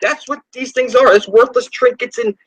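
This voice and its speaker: A man with a noticeably high voice talks straight to his viewers in a rambling, insistent monologue. He swears freely and hammers his points home, and his pitch leaps up whenever he gets heated. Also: fairly even intonation, moderate pace, a bit bright, low-quality recording. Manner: ranting, profane and insistent, with sudden pitch jumps. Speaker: channel host.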